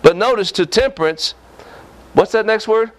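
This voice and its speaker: A man preaching a sermon to his congregation. His voice sits a little high for a man. He talks in a folksy, scolding way and keeps checking whether his listeners are following. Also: normal speed, dry recording.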